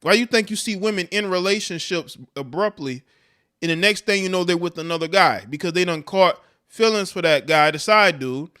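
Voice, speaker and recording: A man's voice: high voice, normal speed, sharp tone, clear, resonant tone. A man hosting a livestream, giving blunt, profane commentary on clips and chat with frequent laughs. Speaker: livestream host reacting to clips.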